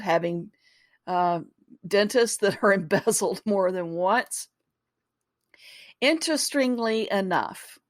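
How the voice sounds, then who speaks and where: A woman's voice: medium pitch, no room sound, studio quality. A woman hosting a podcast, talking casually with asides to listeners and easy laughs. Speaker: podcast host.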